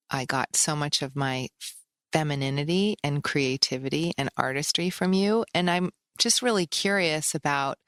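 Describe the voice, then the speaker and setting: A woman's voice: low-pitched, a bit bright, no echo, clean studio sound. A woman in her forties hosting a podcast, reading a scripted intro and asking curious questions. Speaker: podcast host. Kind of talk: scripted intro then casual interview.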